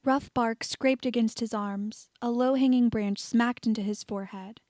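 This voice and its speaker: A woman reading fan fiction aloud as an audiobook narrator, steady and even. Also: on the high side, moderate pace, no echo, clean studio sound. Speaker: audiobook reader.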